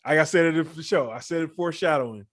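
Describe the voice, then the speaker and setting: A man with a St. co-hosting a casual wrestling podcast, relaxed and laughing along. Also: a little high, quick pace. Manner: laid-back, laughing along. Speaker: podcast co-host.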